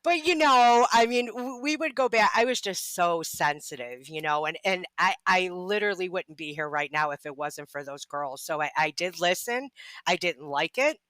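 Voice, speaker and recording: A woman telling her story as a podcast guest in casual chat, candid and quick to laugh, swearing freely. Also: fairly low pitch, lively intonation, fairly bright tone, no echo, rough recording. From Ohio.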